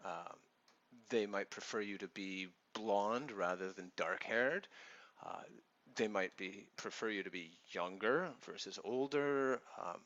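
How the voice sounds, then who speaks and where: A man's voice: fairly low pitch, unhurried, a bit bright, dull audio. Reassuring Canadian man giving advice. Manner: earnest, reassuring, explanatory. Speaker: online English teacher and vlogger. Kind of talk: advice vlog talking to camera.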